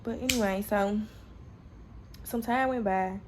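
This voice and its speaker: A young woman vlogger telling a personal story to camera in a candid, profane, animated way, acting out the lines she quotes. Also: medium pitch, measured pace, background noise.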